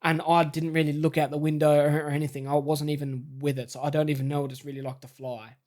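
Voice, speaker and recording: Australian male vlogger, a touch high-pitched; halting, stammering storyteller. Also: level tone, a little mellow. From South Australia. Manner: halting, stammering, shaken retelling. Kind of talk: personal storytelling.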